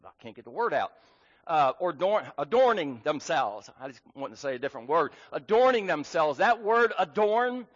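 A man's voice: sits high, fairly bright tone. A man preaching a sermon as pastor, earnest and emphatic, with frequent fillers. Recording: dull sound with long hall reverb.

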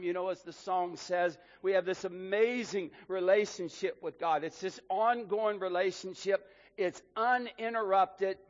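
High-voiced preacher in an echoing hall. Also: male voice, dull audio. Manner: preaching with emphatic rises and drops in volume. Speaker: pastor. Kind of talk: sermon. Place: church hall.

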